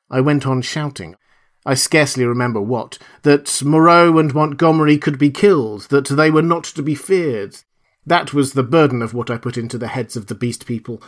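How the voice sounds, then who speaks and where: A man narrating a classic novel as an audiobook, with expressive storytelling. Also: mid-range voice. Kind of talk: scripted narration.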